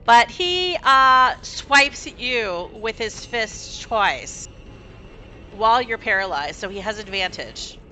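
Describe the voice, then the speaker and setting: Lively woman game master, bright voice. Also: on the high side, slow pace, soft background music, poor audio. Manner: lively, animated narration of dice rolls and attacks. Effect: glitchy, robotic dropouts from bad connection. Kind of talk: running a tabletop game over voice chat. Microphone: voice chat call.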